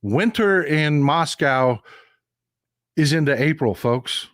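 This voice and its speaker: A man's voice: a little high, animated, takes it slowly, no echo, studio quality. A man hosting a casual political commentary livestream, folksy and repetitive, talking straight to his chat.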